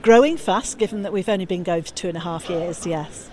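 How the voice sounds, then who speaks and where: A woman's voice: fairly low pitch, steady tone, darkish tone. A woman speaking for a campaign group, answering interview questions firmly and setting the record straight, recorded outdoors. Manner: firm, quick to correct.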